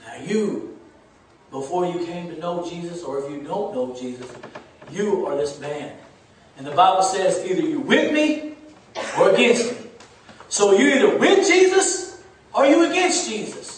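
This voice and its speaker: A man preaching a sermon as pastor. He swings from loud, shouted lines to hushed, almost whispered passages. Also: high voice, lively intonation, measured pace, pauses often, a little hiss or hum. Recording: echoey church room, distant mic.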